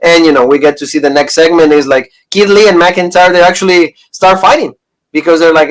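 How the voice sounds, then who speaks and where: A man talking casually as co-host of a wrestling review show. His voice sits a bit high for a man, and he rambles along with plenty of fillers and quick laughs. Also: rough recording. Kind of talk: casual chat.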